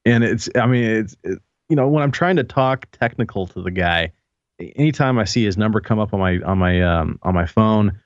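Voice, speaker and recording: A man co-hosting a live talk show in casual chat, halting and repeating words as he tells a story. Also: on the low side, lively intonation, no room sound. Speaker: co-host. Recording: dull lo-fi mic sound.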